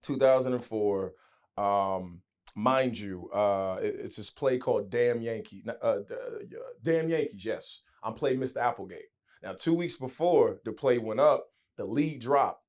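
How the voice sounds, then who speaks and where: A man in his thirties, an interview guest, telling lively stories and slipping into voices. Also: fairly low pitch, unhurried. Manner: animated, slips into voices, restarts. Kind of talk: storytelling interview.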